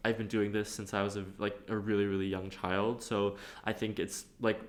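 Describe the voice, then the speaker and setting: A man's voice: lowish voice, flat delivery, normal speed. A young man from Hong Kong, talking casually and hesitantly in an interview, with lots of "like" fillers. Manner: hesitant, filler-heavy with frequent "like".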